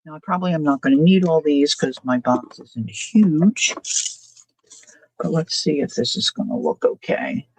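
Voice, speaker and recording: A woman with a low, darkish voice speaks at normal speed on a dry, low-quality recording. Hosting a craft live stream, she chats casually and muses aloud about her choices as she works, often asking viewers what they think.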